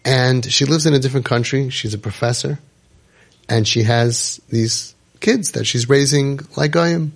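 A man's voice: mid-range voice, a little slow, creaky. A middle-aged man hosting a podcast, telling a story vividly and acting out what other people said. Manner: vivid retelling that acts out other people's words. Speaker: podcast host and parenting guide.

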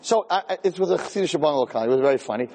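A lecturer giving Torah classes delivers a humorous talk to an audience, telling stories and animatedly acting out the scenes. His voice is on the high side, very fast and gravelly, with a long reverb tail.

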